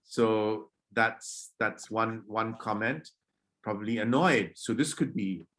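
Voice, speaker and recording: Over a video call, a male workshop presenter teaches children public speaking, performing greetings to demonstrate moods and softly reprimanding kids who disrupt. He speaks slowly with a fairly low pitch.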